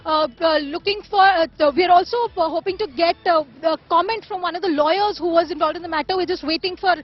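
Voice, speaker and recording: A woman's voice: very high-pitched, steady tone, fast talker. A woman reporting live from outside a court as a field reporter, speaking with many fillers and restarts. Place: outdoors at a court. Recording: dull lo-fi broadcast audio.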